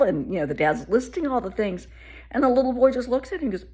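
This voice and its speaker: Husky, lively-voiced woman telling a story. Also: a little high, quick pace. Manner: animated, warm-hearted storyteller. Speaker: therapist. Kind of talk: casual storytelling to camera.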